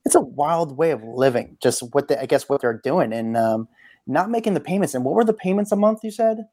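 A man's voice: fairly high pitch, a little fast, no echo. A man co-hosting a casual celebrity gossip podcast, telling stories with lots of fillers and quoted voices. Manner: storytelling, animated quoted voices, many fillers. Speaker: podcast co-host.

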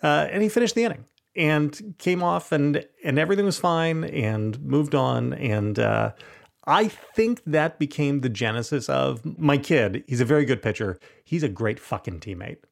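A middle-aged man with a gravelly, fry-tinged voice, spinning a candid anecdote. He talks casually and animatedly on a podcast, swearing now and then. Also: fairly high pitch, animated, normal speed. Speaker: podcast co-host. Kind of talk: casual storytelling.

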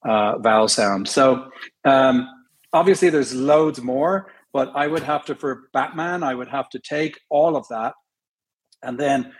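A man's voice: medium pitch, unhurried, slightly rough. A middle-aged Irish man with a slightly mixed accent, chatting as a guest in an interview, laughing easily and explaining with examples. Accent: Irish, mixed with London and American. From Ireland. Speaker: actor, guest. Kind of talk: casual interview chat.

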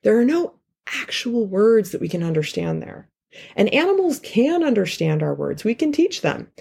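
A woman giving a pre-recorded inspirational talk in a lively, playful way, her pitch swooping up for emphasis. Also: moderate pace, creaky, husky. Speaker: featured speaker.

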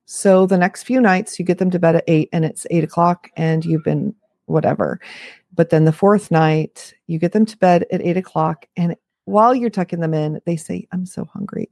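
A woman's voice: lowish voice, steady tone, normal speed, darkish tone, no echo, studio quality. Chatty, frank woman in her fifties. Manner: chatty, frank, self-deprecating asides. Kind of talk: casual talk to camera.

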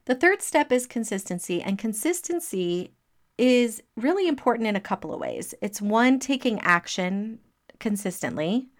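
A middle-aged woman telling a personal story as a motivational talk, lively and laughing as she acts out what people said. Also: on the high side, normal speed. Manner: animated, acting out quoted speech, laughing between lines.

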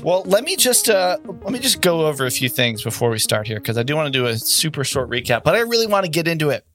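A man acting as game master, chatting casually with players and narrating the scene slowly and dramatically. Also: on the high side, sing-song, a bit bright, soft background music. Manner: slow, deliberate dramatic narration.

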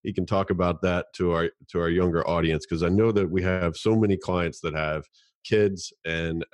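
A man's voice: sits low, fairly even intonation, normal speed, dry recording. A man co-hosting a podcast in casual chat, explaining ideas and often repeating words as he thinks. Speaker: podcast co-host.

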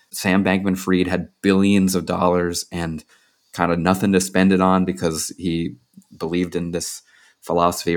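A man being interviewed as a journalist and author, telling anecdotes in a loose conversational way with frequent fillers. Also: low voice.

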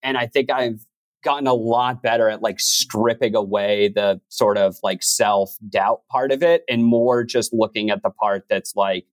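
A man's voice: fairly low pitch, moderate pace, no room sound. A man talking casually and reflectively in an interview, with many "like"s. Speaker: podcast host and narrator. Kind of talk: interview conversation.

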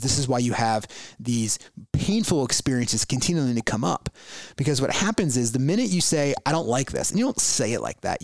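A man with a medium-pitched voice hosts a solo podcast, recorded with no echo. His reflective spiritual talk is full of rhetorical questions and restarts.

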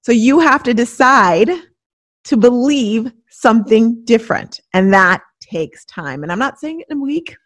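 A middle-aged woman delivers a motivational monologue as a podcast host, her pitch swooping up and down as she drives each point home. She slips into little acted voices for the doubts she quotes. The sound is close and dry, with no room around it. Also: a little slow, no room sound. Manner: animated, acts out inner voices and quotes.

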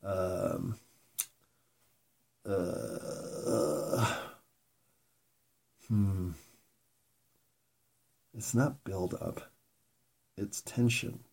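A man talking through a candid, reflective monologue, rambling with pauses and frequent swearing, self-mocking. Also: low voice, very animated, vocal fry, darkish tone, husky.

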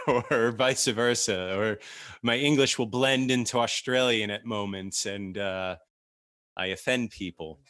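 A man co-hosting a casual podcast chat, animated and laughing often, often restarting his sentences. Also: medium pitch, slow pace. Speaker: podcast co-host.

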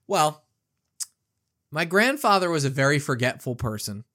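Animated male podcast storyteller. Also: a little high, moderate pace. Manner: animated, acts out the quotes. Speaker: podcast co-host. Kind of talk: casual storytelling.

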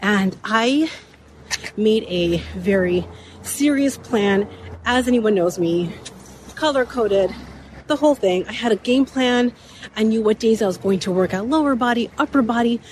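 A woman in her thirties hosting a motivational talk while walking uphill outdoors, a bit out of breath, her voice slightly raspy, repeating key points and laughing often. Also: a little high, a little slow, a little mellow, slight background noise. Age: 30s. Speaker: podcast host.

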